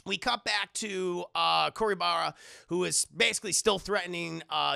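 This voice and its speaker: A man recaps an anime episode for his live chat in a very gravelly, tense, bright voice. He swears freely and keeps jumping into the characters' lines. The recording is close and completely dry. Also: a little high, no room sound. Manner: profane, animated, acts out every character. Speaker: anime reviewer.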